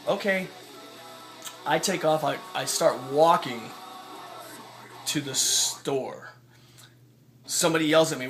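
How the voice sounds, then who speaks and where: A man's voice: on the high side, takes it slowly, long pauses, music in the background. A young man telling an angry personal story in a vlog, swearing a lot and acting out the people he quotes. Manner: profane, ranting, acts out quoted voices. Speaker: vlogger.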